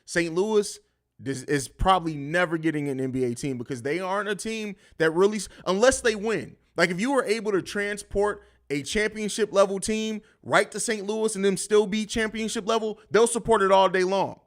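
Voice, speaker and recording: Speaking at a moderate pace, this podcast host has a voice that sits high. He's doing live-stream sports talk, blunt, loose and full of profanity.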